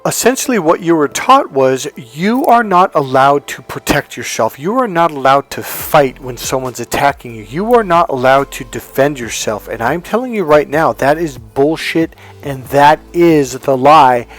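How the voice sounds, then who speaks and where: A man speaking as a life coach in an emphatic motivational monologue, blunt and forceful, swearing for emphasis and acting out other people's lines in a raised voice. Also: on the high side, expressive, moderate pace, hardly any pauses, soft background music.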